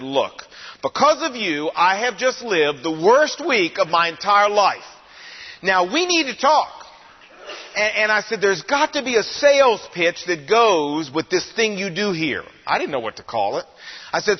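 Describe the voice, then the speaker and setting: An older man preaching a sermon, telling his own story in a conversational, animated way. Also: high voice. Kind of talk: sermon testimony. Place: large church auditorium. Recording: long hall reverb, dull lo-fi sound.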